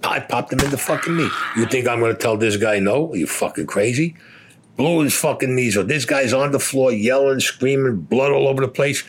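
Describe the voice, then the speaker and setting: An older man in his seventies, a war veteran bluntly recounting his experiences in rough, heavily profane storytelling. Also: mid-range voice, brisk, slight background noise.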